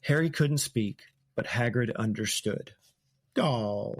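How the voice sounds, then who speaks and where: A man chats through a book chapter as a podcast host, retelling scenes in a loose, casual way and laughing often. His voice sits at an ordinary middle pitch. The recording is close and dry. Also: slow, dry recording.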